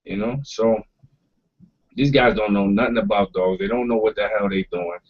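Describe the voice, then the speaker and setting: A man's voice: lowish voice, fairly even intonation, moderate pace. A man hosting a casual roundtable talk, speaking bluntly and emphatically and swearing freely. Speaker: podcast host. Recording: dull lo-fi audio.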